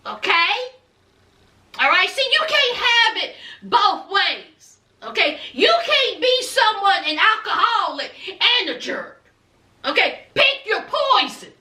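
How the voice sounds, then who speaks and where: Sassy woman recap host, very high and lively, mic a bit far off in a roomy space. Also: slow. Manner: sassy, talks straight to viewers with "honey" and "child". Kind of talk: casual recap commentary.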